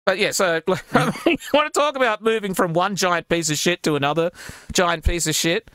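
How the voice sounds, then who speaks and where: A man's voice: high voice, fairly quick, a bit bright, smooth, no room sound. A man hosting a casual livestream chat, rambling and crude, often mocking people with put-on voices. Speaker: podcast host.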